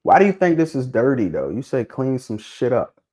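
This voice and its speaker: A mid-pitched man speaks in on a casual livestream. He is lively and keeps pressing his audience with repeated questions. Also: moderate pace. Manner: animated, prodding viewers with questions, repeats himself. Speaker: livestream host discussing dog pedigrees.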